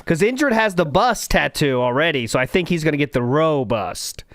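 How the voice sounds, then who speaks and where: A man's voice: a little high, lively intonation, normal speed, a bit bright, no room sound, clean studio sound. A man hosting a casual podcast, rambling and joking as he reads out chat comments. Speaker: podcast host.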